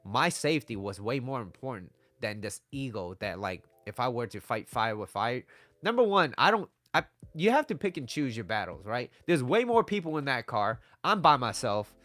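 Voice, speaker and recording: A man's voice: mid-range voice, big pitch swings, moderate pace, a bit bright, no echo. A man giving blunt relationship advice in a casual talk to camera, swearing freely and checking in with "right?" again and again. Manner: blunt and conversational, swears, keeps asking "right?". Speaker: dating and relationship advice vlogger.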